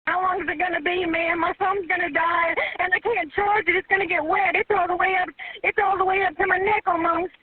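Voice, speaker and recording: A woman's voice: extremely high pitch, fairly even intonation, a little fast. A panicked woman calling for emergency help, crying, stammering and pleading over a phone line. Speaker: 911 caller. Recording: tinny phone line recording.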